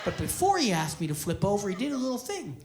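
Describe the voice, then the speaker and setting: A man, a stand-up comedian telling a story loudly and profanely on stage. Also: sits high, wildly swooping pitch, quick pace, some chatter behind, slight background noise. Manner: loud, profane, often yelling. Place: theater stage before a live audience. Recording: live show with audience laughter.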